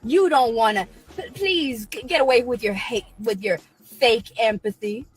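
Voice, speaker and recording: A woman's voice: a little high, measured pace, husky, soft background music. A woman on her own live stream, ranting at critics in a combative, preachy way and repeating herself.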